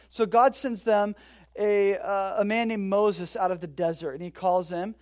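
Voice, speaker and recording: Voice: medium pitch, steady tone, a little slow. Preacher telling a bible story casually. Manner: casual, joking storytelling with sudden swings between loud and quiet. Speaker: pastor. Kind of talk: conversational sermon.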